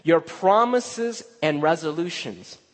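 A male pastor preaching a sermon, telling a personal story, dropping to hushed asides and rising to emphatic exclaims. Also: fairly high pitch, animated, takes it slowly. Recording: long hall reverb.

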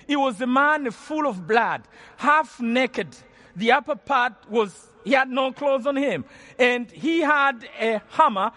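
A Rwandan preacher's very high, fairly bright voice carries an earnest storytelling testimony. He often repeats and restarts his phrases, and the sound has a long hall reverb.

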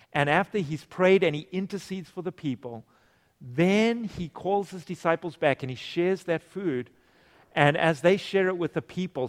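A male preacher with a somewhat high voice gives an animated sermon that echoes at length through the hall. He questions the congregation and briefly takes on the roles of people in his stories.

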